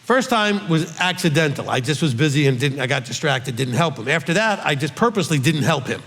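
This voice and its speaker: A man's voice: on the high side, sing-song, fairly quick, fairly bright tone. A middle-aged man teaching as a rabbi in a question-and-answer session, emphatic and checking in often with his listeners. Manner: emphatic, with frequent "okay?" check-ins. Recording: long hall reverb.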